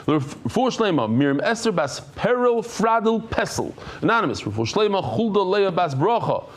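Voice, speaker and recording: A middle-aged man with a somewhat high voice runs a Talmud class in a study hall. He chats casually with the room, jokes with people, and rattles off lists of names at speed. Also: big pitch swings. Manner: chatty, joking, reads names quickly. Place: study hall with a live audience.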